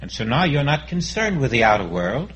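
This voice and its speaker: A man giving a sermon as a spiritual teacher, speaking in a calm, reflective way and acting out inner dialogues. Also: mid-range voice, a little fast, muffled recording.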